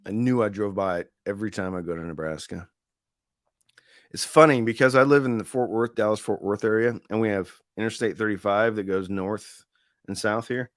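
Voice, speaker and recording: Low-voiced chatty middle-aged man. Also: fairly even intonation, normal speed, dry recording, clean studio sound. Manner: rambling, chatty, reads viewer comments aloud. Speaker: livestream host reviewing audio deals. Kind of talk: casual live-stream chat.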